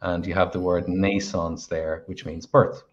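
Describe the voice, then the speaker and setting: A man's voice: deep voice, little pitch movement, slight background noise. A man hosting a live Q&A, reading viewer questions aloud over a video call. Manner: reads questions aloud at a measured pace. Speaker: host. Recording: dull lo-fi call audio.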